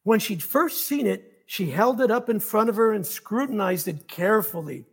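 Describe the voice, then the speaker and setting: Gravelly-voiced man reading his story. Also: sits high, expressive. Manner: measured storytelling. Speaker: author. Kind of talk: reading his fiction aloud.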